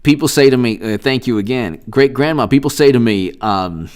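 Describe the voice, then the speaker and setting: A man's voice: mid-range voice, moderate pace, a little mellow. A man hosting a casual live stream of political commentary, rambling and long-winded as he thanks viewers.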